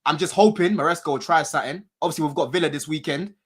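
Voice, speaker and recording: Husky-voiced man, fan podcast co-host, blunt slangy football talk. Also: fairly high pitch, very fast, a bit bright. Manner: slangy, swearing, repeats phrases. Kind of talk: casual banter.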